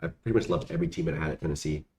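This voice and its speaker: A man's voice: very deep voice, racing, darkish tone. A young man casually answering viewer questions, rambling and slangy with lots of fillers. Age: young adult. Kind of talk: casual Q&A chat. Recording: echoey room, faint background noise.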